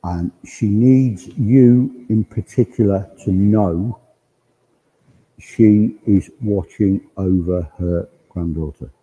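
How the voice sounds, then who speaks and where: A man's voice: lowish voice, takes it slowly, warm tone, slightly rough, muffled recording. A man working as a spiritualist medium, relaying spirit messages to the congregation in quoted speech during a service. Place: village hall.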